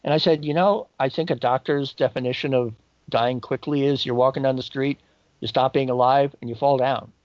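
A man telling a personal story in a halting, reflective way, jumping up in pitch when he quotes people. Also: steady tone, no room sound. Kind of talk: personal anecdote. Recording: dull lo-fi dry recording.

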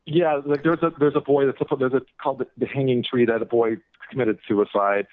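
A man's voice: medium pitch, steady tone, a little fast, dry recording. Man rambling over tinny radio audio. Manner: rambling, many fillers and restarts. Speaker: author and guest. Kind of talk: casual interview talk.

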